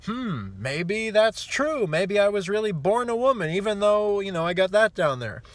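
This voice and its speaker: A man voicing a gullible, dim young man in a high, drawn-out, mocking voice. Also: lively intonation, dry recording. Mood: mock-naive.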